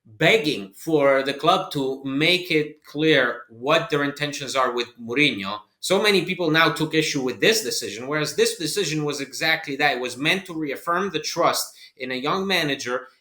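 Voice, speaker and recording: A man co-hosting a football podcast, making his points in an emphatic, measured way with some halting restarts. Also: on the high side, expressive, pushed and bright, roomy sound. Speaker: podcast co-host. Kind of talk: casual podcast chat.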